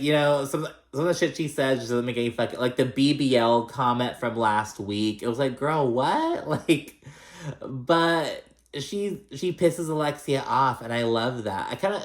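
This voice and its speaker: A man giving a casual, gossipy reality TV recap, chatty and profane with plenty of fillers. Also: mid-range voice. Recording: roomy echo.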